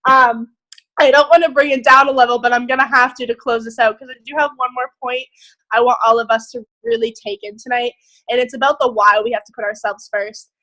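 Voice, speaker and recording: A young woman leading a group on a video call, giving an excited, emphatic motivational talk with casual swearing. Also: on the high side, fast talker, rough recording. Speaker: group leader.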